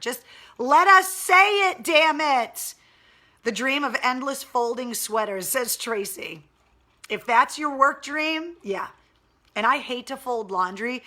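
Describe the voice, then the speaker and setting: A middle-aged woman radio host with a gravelly voice, chatting casually and candidly on a livestream, reading viewer comments with wry humor. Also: mid-range voice, pushed and bright.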